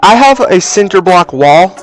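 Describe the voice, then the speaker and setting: A young man casually telling a story for a vlog, animated and swearing freely, on a cheap mic. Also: high voice, unhurried, faint music behind. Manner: animated, profane, acts out voices. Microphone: cheap low-quality mic.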